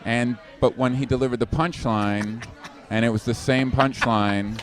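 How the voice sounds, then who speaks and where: A man spins a comedy story in loose, chatty fashion, breaking into laughter as he goes. His voice sits at a middle pitch. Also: unhurried. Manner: animated storyteller, laughs often while talking. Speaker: comedian guest. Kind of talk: casual storytelling.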